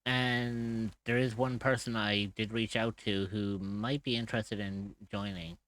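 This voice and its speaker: A man's voice: on the low side, steady tone, a little slow, a bit bright. A man streaming while drawing, chatting casually, swearing freely and laughing often.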